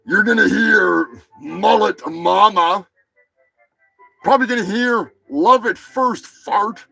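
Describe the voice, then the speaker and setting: A man hosting a live stream, rambling crude jokes and shouting greetings to chatters. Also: high voice, slow, gravelly, rough recording. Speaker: live show host. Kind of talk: crude casual livestream banter. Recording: music playing behind the voice.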